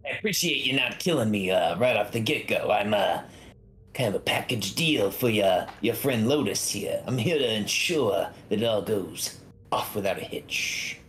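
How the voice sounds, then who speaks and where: A man's voice: on the low side, animated, normal speed, a bit bright, low-quality recording. A man voicing a sly male imp, a devil's servant who speaks with slick politeness. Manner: smooth, slyly polite.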